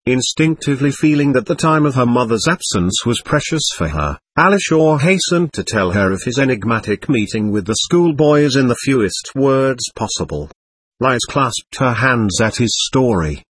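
Male audiobook narrator, husky, lively pitch, reads a classic novel expressively. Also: normal speed, no echo, clean studio sound. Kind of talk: scripted narration.

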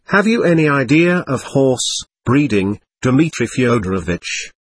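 A man voicing a gushing, domineering middle-aged lady who lectures and talks over others, with a husky voice. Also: mid-range voice, sing-song, a little slow, no room sound.

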